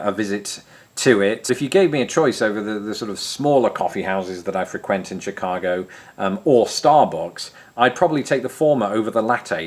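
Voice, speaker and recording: A man with an English accent from Grimsby, with some American R sounds, chatting wryly to camera as he answers viewer questions. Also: lowish voice. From England. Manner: chatty and wry, self-deprecating jokes. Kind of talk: casual chat to camera.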